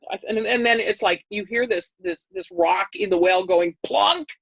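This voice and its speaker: A woman guest in an interview, telling a story in a conversational way and acting out the quoted dialogue with big jumps in pitch. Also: normal speed, no room sound, low-quality recording. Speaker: interview guest recounting history.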